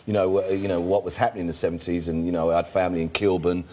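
Fifties man, low-pitched, cheeky chat-show guest telling anecdotes. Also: level tone, rapid-fire, darkish tone. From England. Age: 50s. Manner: cheeky, jokey storyteller. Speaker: guest actor.

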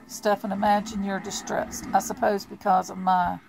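A woman voicing a mocking vampire brother who taunts in a calm, ironic way in a storybook reading. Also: medium pitch, normal speed, creaky, music in the background, lightly acted, low-quality recording.

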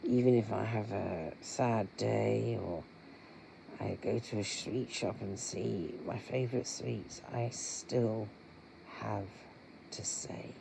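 A middle-aged vlogger, talking earnestly and haltingly to viewers with many pauses. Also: mid-range voice, fairly even intonation, gravelly, noisy background. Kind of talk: candid personal vlog talk.

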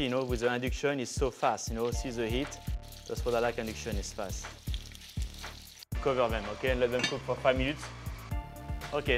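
A middle-aged man with a French accent, a chef giving a chatty, playful cooking demonstration in a kitchen and dropping in French words. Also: medium pitch. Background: background music and sizzling food.

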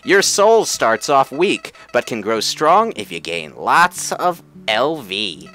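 A man's voice: mid-range voice, very animated, slow, sharp tone, soft background music, full character voice. A man voicing a cheery but menacing male flower creature with a Southern US drawl, during a game playthrough. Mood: coaxing. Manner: sugary folksy drawl turning sinister. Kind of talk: video game let's play voicing.

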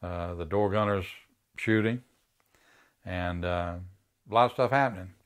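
An older man, a war veteran, haltingly recounting a battle in a documentary interview. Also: deep voice, clear, resonant tone. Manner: halting, many fillers.

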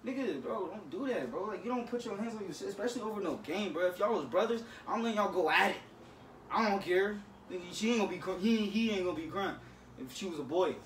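A man's voice: high voice, animated, fast talker, recorded from a distance, slight background noise. A man scolding his younger brother in casual talk, lecturing and swinging between stern and joking. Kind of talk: casual prank video talk. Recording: roomy, from off-mic.

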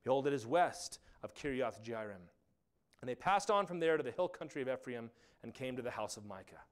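A man preaching a sermon as pastor, animated and acting out quotes along the way. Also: mid-range voice, fairly quick. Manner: animated, acts out quotes and asides.

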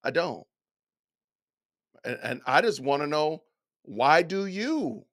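A man's voice: on the high side, sing-song, slow, a bit bright. A middle-aged man reading lines from an essay aloud and reacting with incredulous, folksy rhetorical questions. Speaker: commentator.

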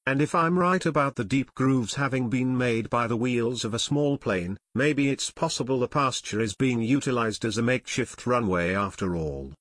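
Excited teenage brother, read by a man, close and dry. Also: medium pitch, moderate pace, hardly any pauses, dry recording, close to an everyday voice.

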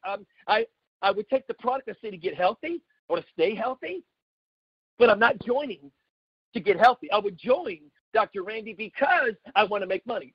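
High-voiced emphatic sales pitch man. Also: husky, no echo. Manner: emphatic, repetitive, folksy asides. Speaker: network marketing presenter. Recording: dull lo-fi sound.

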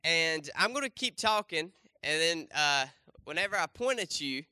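A young pastor gives a loose, conversational sermon in church, full of fillers and restarts. His voice sits a bit high and sounds bright and forceful. The sound is close and dry, with little room echo. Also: animated, moderate pace, smooth. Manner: conversational, many fillers and restarts, asks the congregation questions. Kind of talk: casual sermon with a volunteer demonstration.

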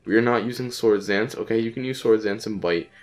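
A man with a sick voice giving casual let's-play commentary, frustrated and swearing, repeating phrases in quick bursts. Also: on the low side, soft background music. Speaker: gaming channel host.

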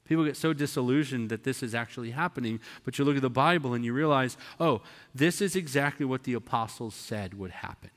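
A man with a mid-range, slightly bright voice preaches briskly with few pauses in a church sanctuary, the long reverb of the hall around him. His sermon is emphatic yet conversational, and he acts out the voices of the people he describes.

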